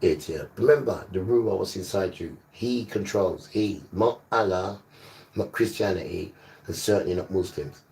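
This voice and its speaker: A man's voice: deep voice, normal speed, vocal fry, darkish tone, far from the mic. A man preaching on a livestream, emphatic and repetitive, sometimes scolding his listeners. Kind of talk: livestreamed sermon.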